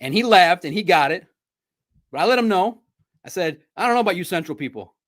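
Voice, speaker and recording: A man hosting a sports podcast, telling stories in a chatty, animated way. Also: high-pitched, a little fast. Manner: animated, chatty storytelling with laughs. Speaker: podcast host. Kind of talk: casual sports recap.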